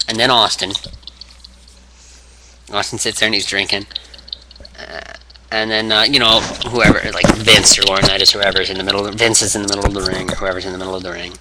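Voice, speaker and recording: A man's voice: lowish voice, little pitch movement, fairly quick, long pauses, background noise. A man rambling casually through a story, with lots of fillers and asides. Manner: rambling, laughing, full of fillers. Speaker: video blogger.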